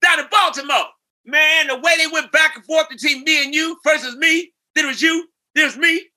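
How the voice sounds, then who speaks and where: A man doing a shouting, excitable old soul star. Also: very high voice, voice pushed up, exaggerated voice. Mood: thrilled. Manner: shouted, fast, exclamatory raves. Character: excitable famous older male soul singer, gushing.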